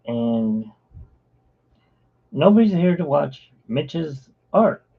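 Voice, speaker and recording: A man's voice: on the high side, sing-song, drawn-out words, vocal fry, slightly rough. A man chatting casually on a live art stream, rambling from one topic to the next. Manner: rambling, drifting between topics. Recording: tinny phone-like live-stream audio.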